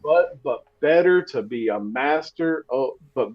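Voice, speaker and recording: A man's voice: medium pitch, animated, a little slow. Storytelling man on a podcast, lo-fi sound. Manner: storytelling, self-deprecating, many restarts. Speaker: podcast co-host. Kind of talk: casual chat.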